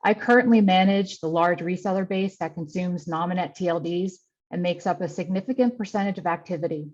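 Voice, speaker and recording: A woman's voice: fairly low pitch, fairly quick, darkish tone, muffled recording. A woman giving a formal, methodical candidate statement that lists her credentials. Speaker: candidate for advisory council.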